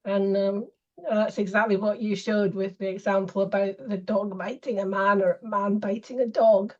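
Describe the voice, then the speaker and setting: A woman student speaking thoughtfully in an online class and pausing to gather her thoughts. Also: mid-range voice, little pitch movement, a little mellow, highs cut off.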